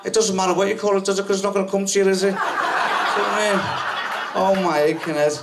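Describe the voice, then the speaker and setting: A man doing stand-up rambles on, forgets his words and keeps asking if you know what he means. He sits a little far from the mic, his voice slightly high. Loud noise fills the room. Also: level tone, fast talker. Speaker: amateur stand-up comedian. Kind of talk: stand-up comedy set. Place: packed comedy night venue.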